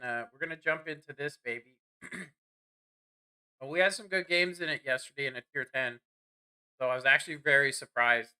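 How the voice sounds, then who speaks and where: A man's voice: medium pitch, pushed and bright, smooth. A man giving rambling, self-deprecating commentary while playing a game. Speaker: gaming streamer. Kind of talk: casual gameplay commentary.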